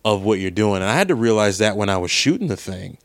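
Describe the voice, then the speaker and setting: A man's voice: on the low side, very animated, quick pace, dry recording, studio quality. A young man, an actor, telling a rambling story in a casual monologue, voice jumping up when he retells arguments.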